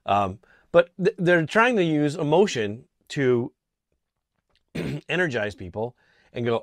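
A man from Connecticut giving an indignant political opinion monologue, halting and restarting often, clearing his throat from allergies. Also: mid-range voice, lively intonation, dry recording, clean studio sound. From Connecticut, USA. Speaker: political vlogger. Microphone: small camera mic.

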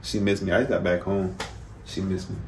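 A man's voice: deep voice, fairly even intonation, a little fast. A man pranking his girlfriend in casual chat, teasing and acting innocent. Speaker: prankster vlogger. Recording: echoey room with background noise.

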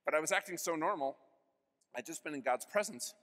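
A man's voice: on the high side, animated, a little fast. Earnest man telling his story, reverberant hall. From United States. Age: 50s. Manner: earnest storytelling with sudden swings in loudness. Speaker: keynote speaker. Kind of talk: personal faith testimony. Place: large convention hall.

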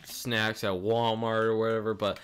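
A man's voice: on the low side, flat delivery, moderate pace, a bit bright, slight background noise. A young man hosting a casual podcast, joking with a friend and laughing often. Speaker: podcast host. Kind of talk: casual chat.

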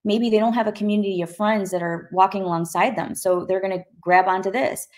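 A middle-aged woman tells her own story as an interview guest, in a conversational way with many small restarts. She brings the scenes to life by acting out the voices of the people in them. Her pitch sits in the middle range for a woman. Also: fairly even intonation, fairly quick, darkish tone. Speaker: guest sharing her testimony. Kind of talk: personal testimony, conversational storytelling.

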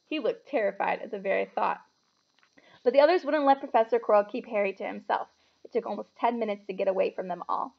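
A woman reading a children's book aloud with expressive, animated storytelling. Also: medium pitch, quick pace, creaky, dull audio.

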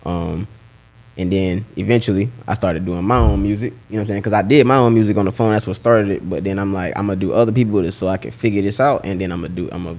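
A young rapper with a Southern US accent talks fast in a slightly low voice. He tells his stories in a laid-back, slang-heavy way. It sounds like a casual interview chat. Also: darkish tone. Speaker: rapper and guest.

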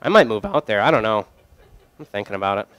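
A man's voice: lowish voice, sing-song, fast, fairly bright tone. A young man working as a brewery sales rep, telling loose, joking stories to a group with lots of fillers. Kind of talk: casual storytelling to a group.

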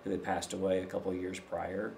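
A man from Tennessee recounting a personal story as a podcast guest, relaxed and filling his speech with "you know". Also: sits low, a little fast, gravelly, a little hiss or hum. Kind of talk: storytelling in a conversation.

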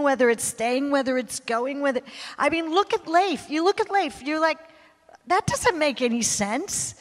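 A woman missionary preacher telling a confessional story in a sermon, swinging from hushed to loud. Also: sits high. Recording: long hall reverb.

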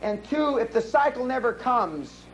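Brash, high-voiced man at a live seminar. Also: very animated, measured pace, lo-fi sound, slight background noise. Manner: brash, profane storytelling. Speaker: seminar speaker. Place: seminar room.

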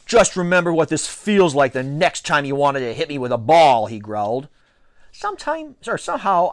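A man reading a children's novel aloud with an expressive, playful storytelling delivery. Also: medium pitch, dry recording, studio quality. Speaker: reader.

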